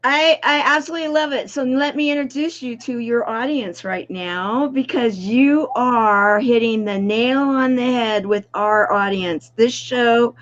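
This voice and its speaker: A woman's voice: a little high, unhurried, few pauses, dull audio. A woman hosting an online talk show, introducing guests in an effusive way. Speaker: host. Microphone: video call.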